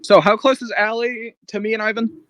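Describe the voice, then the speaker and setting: A man's voice: high-pitched, flat delivery, a little fast, pushed and bright, dry recording. A man playing a tabletop game in a casual, hesitant way, with fillers and laughs. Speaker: player.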